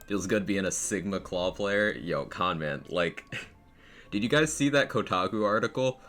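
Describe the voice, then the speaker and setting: Low-voiced, bright male game streamer. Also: expressive, a little slow, faint music behind. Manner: chatty, laughs often, rattles off greetings. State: out of breath. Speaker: game streamer reading chat. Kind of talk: casual live-stream chat.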